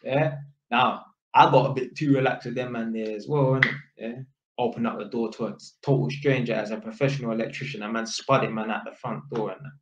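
A man's voice: medium pitch, fairly even intonation, fairly quick. A young man with a London accent spins a casual story, full of street slang and tag questions. His voice sits in the middle range. The recording sounds roomy and a little dull. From Britain. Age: young adult. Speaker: vlogger.

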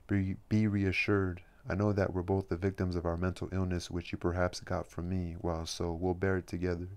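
A tired middle-aged writer, resigned and low , as a man reads him. He speaks with a flat, heavy calm in a storybook reading. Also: moderate pace. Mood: firm.

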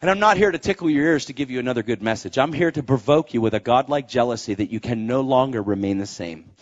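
A man preaching a sermon to a crowd, animated and excitable, swinging between hushed and loud delivery. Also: medium pitch, fast. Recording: dull lo-fi sound.

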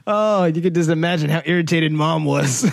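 A man's voice: a little high, normal speed, vocal fry, dry recording, studio quality. A man hosting a reaction video in character as a young warrior son, giggly and rambling in casual commentary. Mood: upbeat.

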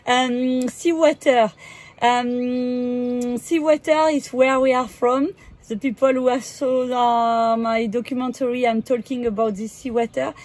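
A woman with a French accent, a native French speaker, giving casual wellness tips in a hesitant, halting way with many fillers and frequent laughs. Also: fairly high pitch, fairly even intonation, a little mellow. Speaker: wellness coach. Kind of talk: casual instructional vlog.

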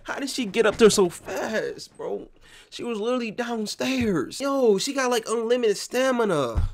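High, excitable young man gaming. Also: moderate pace, vocal fry. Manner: jumpy and loud, yelling and trash-talking. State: out of breath. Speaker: gaming YouTuber. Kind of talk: excited horror game commentary.

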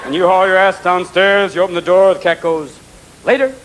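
A man doing manic live stand-up comedy, switching voices rapidly. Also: sits high, steady tone, background noise. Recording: live stage show with loud audience.

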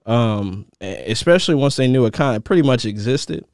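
A man's voice: medium pitch, lively intonation, a little fast, a little mellow, no echo, studio quality. A man co-hosting a casual talk show, rambling and searching for words with many fillers. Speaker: podcast co-host. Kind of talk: casual chat.

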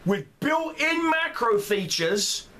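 Furious high-voiced man ranting. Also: sing-song, takes it slowly, sharp tone. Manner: furious, profane, heated. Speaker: gamer. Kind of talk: angry rant vlog.

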